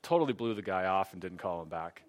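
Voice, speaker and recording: Man, middle-aged, lowish pitch, earnest, casual testimony talk. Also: animated, fast talker. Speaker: speaker sharing a personal faith testimony.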